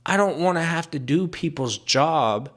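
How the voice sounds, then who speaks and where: A man's voice: a little high, animated, measured pace, fairly bright tone. Exasperated young man ranting. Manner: exasperated, sarcastic, mimics people he quotes. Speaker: vlogger. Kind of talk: casual rant to camera.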